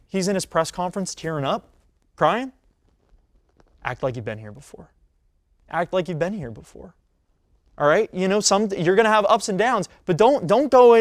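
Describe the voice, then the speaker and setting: Young male college student, sports podcast host; casual, animated delivery, bit high, dry close sound. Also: no room sound. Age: 20s. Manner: casual, animated, with frequent fillers and restarts. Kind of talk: solo sports talk rundown.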